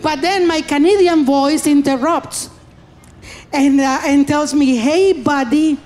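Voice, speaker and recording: A woman stand-up comedian, telling stories with animated acted-out voices. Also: sits high, unhurried. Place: comedy stage.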